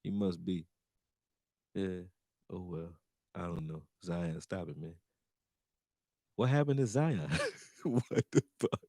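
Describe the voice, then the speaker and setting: Low-voiced man riffing on live chat. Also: slow, pauses often, dry recording, clean studio sound. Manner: animated, laughing, slangy, reacting to chat. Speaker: sports livestream host. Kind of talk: casual live-chat commentary.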